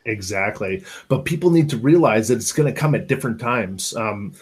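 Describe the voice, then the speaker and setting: A man hosting a podcast interview, telling stories in a relaxed, encouraging way. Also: medium pitch, moderate pace, breathy edge. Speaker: podcast host. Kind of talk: casual interview chat.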